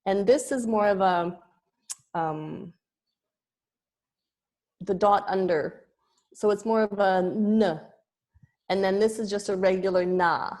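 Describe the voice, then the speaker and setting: A woman's voice: mid-range voice, fairly even intonation, a little mellow. A woman yoga teacher explaining Sanskrit pronunciation, sounding out letters one by one. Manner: explanatory, demonstrates sounds slowly.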